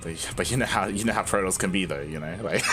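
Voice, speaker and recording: Low-voiced man casually casting a game. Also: sing-song, fairly quick, music in the background. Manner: casual, chatty, filler-heavy with frequent laughs. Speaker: esports caster. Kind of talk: live game commentary.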